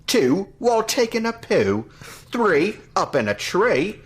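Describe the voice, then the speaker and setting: A man voicing a chirpy mock-Cockney character with an exaggerated Cockney accent, reciting silly rhymes in a husky, sing-song voice. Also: high-pitched, sing-song, slow pace, pitched above the performer's own voice, exaggerated voice.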